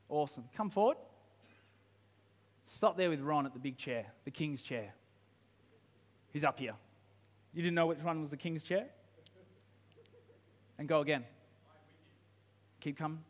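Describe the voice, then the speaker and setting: A man delivers a sermon in a high, light voice, the sound trailing off into the long echo of a church hall. He reads scripture slowly and softly, then rises into impassioned, questioning appeals. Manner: builds from hushed to impassioned pleading. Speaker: pastor.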